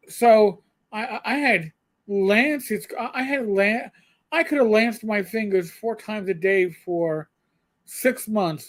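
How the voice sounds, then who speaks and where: A middle-aged man with a high voice rambles casually as co-host of a live show. He trips over his words, restarting sentences, and keeps the chat loose and friendly. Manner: rambling, stammering restarts, chatty.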